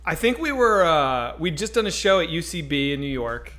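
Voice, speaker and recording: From a home streaming setup, a podcast co-host on a casual chat show tells animated stories, acting out people's voices and swearing freely. His voice is on the high side, at a moderate pace.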